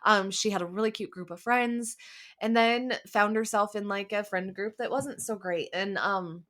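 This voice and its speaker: A woman's voice: medium pitch, moderate pace, fairly bright tone. A woman in her forties hosting a casual solo podcast, talking candidly with lots of "like" and "um" fillers. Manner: candid, conversational, many "like" and "um" fillers. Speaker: podcast host.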